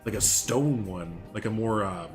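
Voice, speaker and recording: A man's voice: fairly low pitch, measured pace, over music. A young man rambling casually on a live game stream, chatting with viewers as he builds. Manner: rambling, chatty, reads and answers chat.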